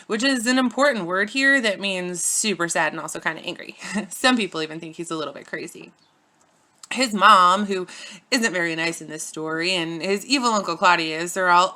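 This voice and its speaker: A woman's voice: mid-range voice, pushed and bright. A young woman narrating a playful, silly retelling of a classic story, with casual slangy asides.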